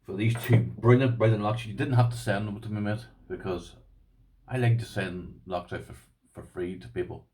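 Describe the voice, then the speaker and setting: A man with an Irish accent and a somewhat low voice talks casually to his viewers. He rambles with restarts and sounds chatty and appreciative as he looks over padlocks. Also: fairly even intonation, normal speed, mellow. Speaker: lock-picking vlogger. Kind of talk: casual unboxing chat.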